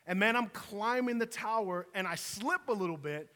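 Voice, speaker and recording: A man's voice: high voice, expressive, moderate pace, sharp tone, big-room sound. A man preaching a sermon in a casual, storytelling way, with conversational asides to the congregation. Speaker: pastor.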